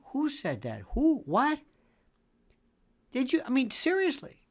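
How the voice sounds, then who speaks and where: A man's voice: very high voice, huge pitch swings, slow pace. A man in his sixties hosting a legal commentary show, emphatic and repetitive, swinging between exclamations and muttered asides. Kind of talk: opinionated commentary.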